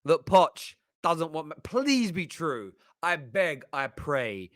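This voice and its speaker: A man's voice: fairly high pitch, very animated, slow, fairly bright tone, no echo, studio quality. A man hosting football fan commentary, talking in a passionate, emphatic way. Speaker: football channel host.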